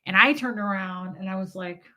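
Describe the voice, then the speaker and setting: A woman's voice: mid-range voice, normal speed, sharp tone. A tired woman in her forties telling a story on a live stream, rambling and swearing and reading viewer comments aloud. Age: 40s.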